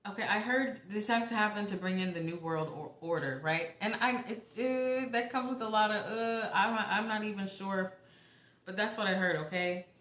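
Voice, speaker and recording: A young woman giving a casual tarot reading, talking in a halting, rambling way with the odd swear word. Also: medium pitch, fairly bright tone, roomy sound. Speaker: tarot reader.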